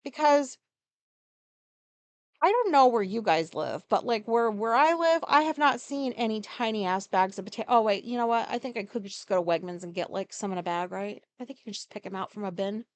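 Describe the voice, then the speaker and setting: A woman's voice: mid-range voice, animated, a little fast, no room sound. A woman hosting a casual solo podcast, rambling through a story with profane, self-deprecating asides. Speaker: podcast host.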